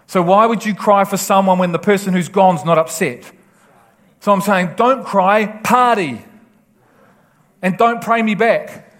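A man's voice: sits high, a little slow, a bit bright. A man preaching a sermon with passion, often laughing and acting out the voices he quotes. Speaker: pastor.

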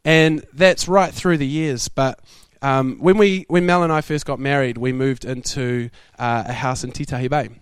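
A young man preaching a sermon, telling stories in a lively way and laughing often. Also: medium pitch, moderate pace, hardly any pauses, clean tone, dry recording. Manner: animated, laughing storyteller. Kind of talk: sermon storytelling.

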